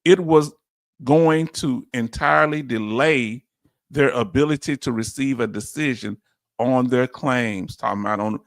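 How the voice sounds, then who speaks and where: A man with a Southern Louisiana accent giving an animated, preachy commentary as host, full of rhetorical questions and chuckles. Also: mid-range voice, measured pace, vocal fry, dry recording, studio quality. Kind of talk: casual commentary monologue.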